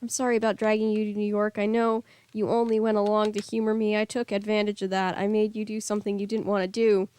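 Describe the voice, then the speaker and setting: A woman's voice: mid-range voice, level tone, fast talker, hardly any pauses, dark tone, clean tone, natural voice. A woman voicing an upset, grieving teenage girl who sounds tearful and bitter, read aloud from a storybook. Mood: apologetic.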